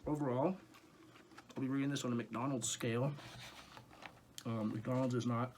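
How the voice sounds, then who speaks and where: A young man reviewing fast food in a rambling, comic monologue, going off on tangents and swearing in rants, recorded in a dim room. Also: medium pitch, fairly even intonation, darkish tone, slight background noise.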